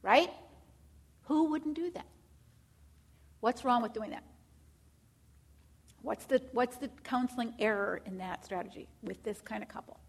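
Lady teaching a counseling class, slightly high voice, keeps asking "right?". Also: a little slow, pauses often, husky. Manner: asks many rhetorical questions, acts out clients.

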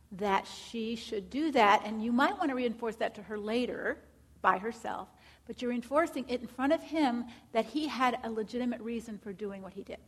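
A woman's voice: fairly high pitch, slightly rough. A woman teaching counseling students, asking rhetorical questions and acting out what clients say. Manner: asks many rhetorical questions, acts out clients.

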